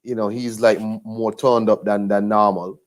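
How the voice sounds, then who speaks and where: A man's voice: lowish voice, flat delivery, normal speed. A man talking casually in a rambling, laid-back way with many fillers and restarts. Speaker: boxing vlogger. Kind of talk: casual monologue.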